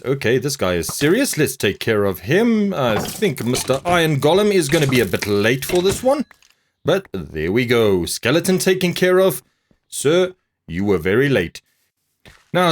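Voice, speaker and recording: A man hosting a gameplay video, giving casual commentary with playful, mock-grand jokes. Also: medium pitch. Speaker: gaming channel host. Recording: faint music behind the voice.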